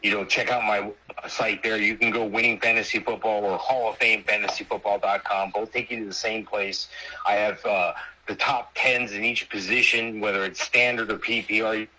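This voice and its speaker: Bright-voiced man pitching his site. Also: flat delivery, moderate pace, rough recording. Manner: salesy, conversational. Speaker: fantasy football analyst guest. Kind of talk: promotional pitch on a show.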